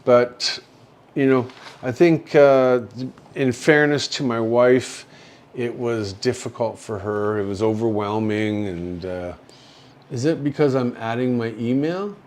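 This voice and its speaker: An older man hosting a casual livestream, talking in a halting, rambling way with many fillers and soft chuckles as he reads viewer chat. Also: medium pitch.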